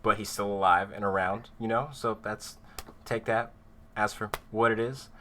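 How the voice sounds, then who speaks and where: A man's voice: lowish voice, steady tone, moderate pace, sharp tone, a little hiss or hum. A young man acting as game master, casually introducing his players with rambling, teasing jokes on a video call. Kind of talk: casual, joking intro to a live tabletop stream.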